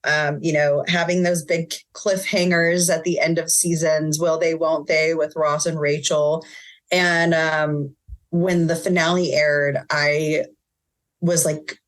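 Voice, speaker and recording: A woman in her forties, a podcast guest, talking in an enthusiastic, emotional way in quick bursts. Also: low-pitched, little pitch movement. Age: 40s. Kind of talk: casual chat.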